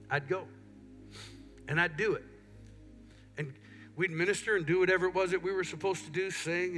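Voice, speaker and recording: A middle-aged man preaching a sermon in a church, telling stories and acting out what people say. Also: high voice. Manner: animated storytelling, acts out quotes. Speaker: pastor. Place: church sanctuary.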